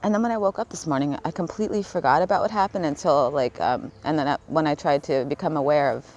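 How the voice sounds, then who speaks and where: A woman's voice: low voice, fast, a little mellow, highs cut off. A woman vlogging in a rambling, casual way, swearing freely, laughing often and smoking while she talks. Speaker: spiritual vlogger.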